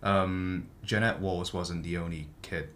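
A man's voice: low-pitched, steady tone, a little slow, fairly bright tone. A man in casual chat about a book, hesitant and thinking aloud as he talks. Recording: faint background noise.

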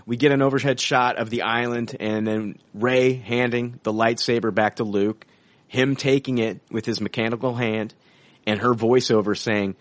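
An excitable man of middling pitch, co-hosting a casual podcast and swearing freely as he talks. The sound is dry and close, with no room around him. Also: moderate pace, dry recording. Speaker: podcast co-host. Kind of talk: casual film discussion.

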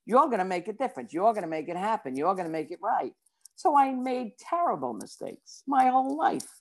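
A woman from Brooklyn, a psychic and author telling her story in an interview, talking fast and acting out quotes. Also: mid-range voice, very animated, darkish tone. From Brooklyn, New York.

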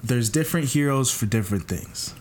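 A young man from Canada hosting a casual podcast, telling animated, joking stories. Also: mid-range voice, brisk. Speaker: podcast host.

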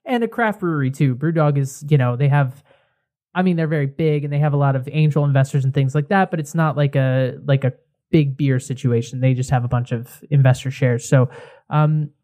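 A man co-hosts a casual beer podcast in an easygoing, stop-start way. His voice is warm and mellow, and it sits at a middle pitch. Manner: easygoing, talks in halting bits with fillers. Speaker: podcast co-host. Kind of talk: casual chat.

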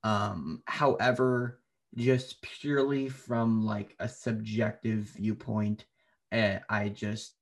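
A man hosting a podcast in casual chat, hesitant and halting as he gives his thoughts. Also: on the low side, steady tone. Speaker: podcast host.

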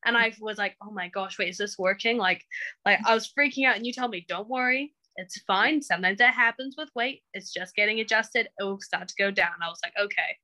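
A woman's voice: medium pitch, a little fast, sharp tone, low-quality recording. A young woman telling her story to her coach in a casual interview, acting out what she and others said. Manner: chatty, acts out quoted remarks. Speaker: coaching client.

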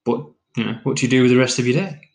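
A man's voice: mid-range voice, very fast, vocal fry, darkish tone, lightly acted. A man reading the lines of a boastful, scoffing businessman in a spoken parable. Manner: plain storybook reading of quoted lines.

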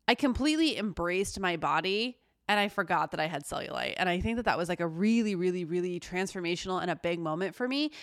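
A woman in her thirties co-hosts a podcast, telling personal stories in casual chat and swearing often. Her voice is fairly low in pitch, recorded with clean studio sound and no room sound.

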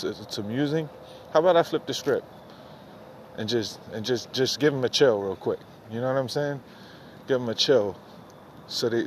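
A man talks in a rambling, heavily profane, exasperated way, circling back over the same points. He is recorded outdoors at night through a phone headset, with faint street and traffic noise behind him. His pitch sits in a mid range. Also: a little mellow. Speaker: podcast host. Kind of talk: unfiltered late-night rant. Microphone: phone with headphones.

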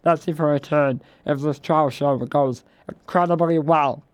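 A man's voice: a little high, fairly even intonation, unhurried, no echo, highs cut off. A man hosting a comic mock radio show, rambling and self-deprecating between links.

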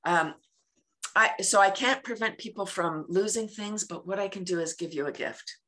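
Laughing often, a woman guest speaks about laughter yoga in a relaxed interview and acts out daily situations. Her voice is medium-pitched, a little fast, and sharp in tone.

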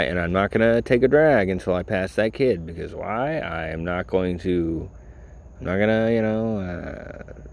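A man's voice: sits low, slight background noise. A man in a casual vlog, rambling and sarcastic, full of "you know" as he tells a story. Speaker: vlogger. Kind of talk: casual rant.

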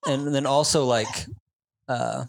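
A man in casual podcast chat who teases the host with quick interjections. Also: mid-range voice, big pitch swings, gravelly, a little hiss or hum, rough recording.

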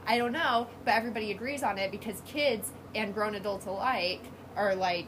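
A woman's voice: medium pitch, brisk, few pauses. A young woman co-hosting a podcast in casual chat, giggling often and musing aloud. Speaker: podcast co-host. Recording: clear background noise.

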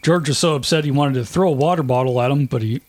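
A man's voice: medium pitch, fast. Male podcast host, wry casual storyteller, mid-range voice. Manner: relaxed, wry, mimics people in anecdotes.

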